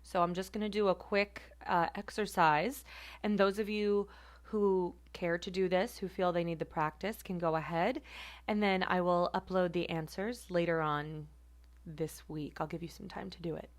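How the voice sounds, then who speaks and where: A woman teaching a phonetics class, repeating example words slowly and carefully. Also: on the low side, fairly even intonation. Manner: careful, deliberate word repetition. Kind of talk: slow online pronunciation lesson.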